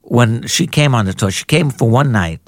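An older man, an author and journalist, telling anecdotes in an animated way in a conversation and jumping into higher voices when he quotes people. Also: normal speed, no room sound. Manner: animated raconteur, jumps into high-pitched voices for quoted people. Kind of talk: anecdotal storytelling in a podcast conversation.

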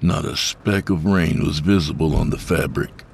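Very deep, gravelly male narrator. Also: steady tone, normal speed, few pauses, a little mellow, a little hiss or hum. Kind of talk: scripted horror story narration.

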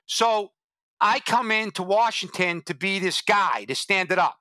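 Middle-aged male guest, fiery anecdote teller, voices others' lines, forceful tone, very dry close sound. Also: high-pitched, a little slow, dry recording. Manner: animated and blunt, acts out quoted dialogue. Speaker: podcast guest, former drug agent. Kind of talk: anecdotal storytelling in a podcast interview.

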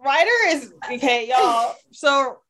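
A woman co-host with a fairly high voice in relaxed podcast chat. She chimes in with quick questions and reactions. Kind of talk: casual chat.

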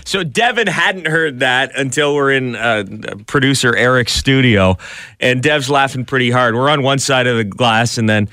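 A man's voice: mid-range voice, moderate pace, bright, forceful tone, no room sound, studio quality. A man hosting a podcast in casual chat, telling stories and joking. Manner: storytelling, joking. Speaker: podcast host.

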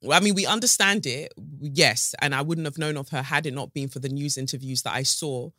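A woman hosting a solo podcast, chatting frankly and animatedly, swearing freely and swooping up in pitch. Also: brisk, pushed and bright, no echo, clean studio sound. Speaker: podcast host.

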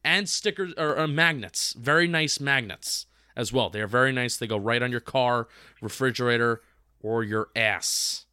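Bright, jokey man co-hosting a podcast. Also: mid-range voice, normal speed, smooth, dry recording, clean studio sound. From United States. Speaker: podcast co-host. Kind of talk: casual podcast chat and sponsor reads.

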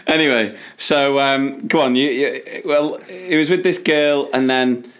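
A man's voice: medium pitch, a little slow, noisy background. Easygoing English man leading the chat. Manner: relaxed, laughs easily, asks questions to lead the chat. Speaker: podcast co-host. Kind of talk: casual chat.

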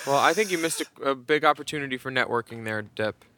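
A man's voice: medium pitch, fast talker, pushed and bright. A man co-hosting a podcast in casual chat, firing off sassy, bawdy quips. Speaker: podcast co-host.

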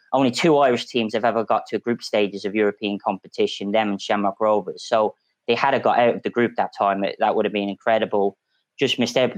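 A man's voice: mid-range voice, dry recording, poor audio. A man on a football podcast panel telling a long story in a casual, chatty way with frequent restarts. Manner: storytelling, animated, many restarts.

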